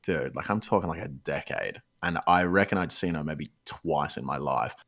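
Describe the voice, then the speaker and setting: Low-voiced male podcast guest, easygoing storyteller with casual cursing. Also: normal speed, gravelly, fairly bright tone. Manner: laid-back, swears casually, rambling storytelling.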